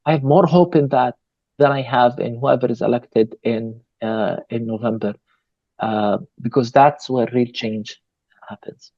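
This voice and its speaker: A man, a pastor, answering an interview question in a measured, earnest way, pausing with fillers. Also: medium pitch, no room sound, lo-fi sound. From Palestine. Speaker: pastor and guest.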